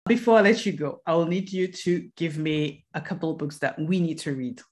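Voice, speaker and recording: A woman in her thirties hosting a casual conversation, telling lively anecdotes and acting out the voices of the people she quotes. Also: low-pitched, a little fast. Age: 30s. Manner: lively storyteller who acts out quoted voices. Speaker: host.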